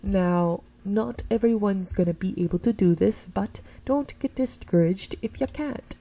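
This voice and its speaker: A woman's voice: mid-range voice, unhurried, warm tone, breathy edge. A woman putting on a voice for a quirky male magic professor, with a theatrical made-up accent as she reads a story game aloud. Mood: cheery. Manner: theatrical, exaggerated odd accent.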